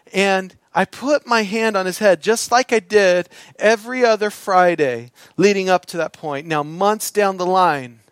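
A man with a high voice delivers a sermon through an emotional personal story, often sinking into soft, hushed tones to press a point home. The sound is close and dry, with no room echo. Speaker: preacher.

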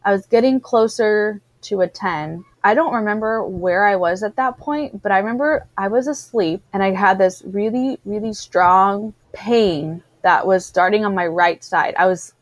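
A woman's voice: medium pitch, moderate pace, hardly any pauses, dry recording. A woman in casual chat, animatedly telling a personal story and acting out the voices of the people in it. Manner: animated storyteller, acts out what others said.

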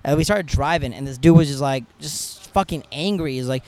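A man tells stories on a podcast at a rapid clip, swearing freely and keeping the energy up. His voice sits a little high, and his delivery stays animated and casual. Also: dry recording. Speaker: podcast guest, comedian. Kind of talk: casual storytelling.

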